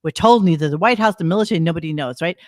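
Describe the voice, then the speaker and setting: A woman's voice: on the low side, racing, no room sound, studio quality. Blunt, exasperated woman podcaster. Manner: blunt, exasperated, swears freely. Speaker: podcast co-host. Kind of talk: casual commentary chat.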